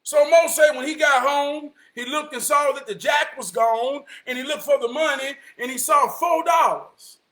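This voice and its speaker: A man telling a long casual story, animated, often shouting and slipping into the voices of his friends. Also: very high-pitched, moderate pace, few pauses, echoey room.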